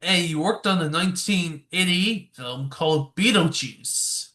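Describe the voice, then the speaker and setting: A man's voice: fairly high pitch, measured pace, sharp tone. A man hosting a podcast, asking plain interview questions. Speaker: podcast host.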